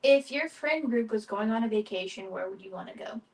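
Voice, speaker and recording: A young woman co-hosting a casual podcast chat, with a fairly high voice. She is easygoing and often hesitant, filling pauses with ums. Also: animated, darkish tone, low-quality recording. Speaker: podcast co-host.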